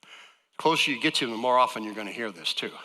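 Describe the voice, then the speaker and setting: A man delivers an earnest sermon in a very bright, forceful voice that rises and falls with lively pitch. His delivery swings between emphatic peaks and hushed asides, and his words ring out with the long reverb of a large church sanctuary. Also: fast talker. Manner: earnest preaching, voice swinging from loud emphasis to soft. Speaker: guest speaker.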